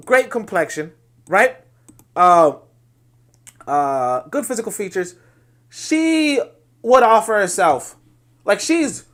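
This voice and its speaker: High, lively male host lecturing. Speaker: podcast host. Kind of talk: solo commentary on social media posts.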